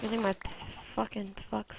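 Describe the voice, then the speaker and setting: A woman giving casual let's-play commentary, foul-mouthed and easily frustrated, cursing at the game and yelling at its animals. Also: mid-range voice, little pitch movement, normal speed, gravelly, noisy background. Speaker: gameplay commentator.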